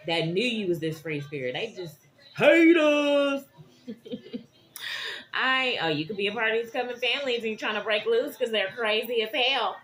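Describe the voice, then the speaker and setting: A woman giving a tarot reading to her viewers, animated and dramatic, often checking in with "okay?". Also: mid-range voice, quick pace, hardly any pauses. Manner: animated, keeps asking "okay?". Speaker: tarot reader.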